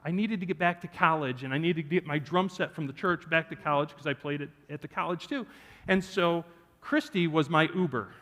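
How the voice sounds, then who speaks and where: Fairly high in pitch and fairly quick, a preacher tells the congregation a personal story, cracking jokes in an animated way. Church hall reverb fills the sanctuary recording.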